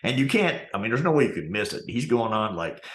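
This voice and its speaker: A man's voice: on the low side, very animated, fast, a bit bright, echoey room. A man co-hosting a casual online chat over an internet call, telling stories animatedly, laughing and swearing easily. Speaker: co-host calling in. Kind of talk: casual live-stream chat.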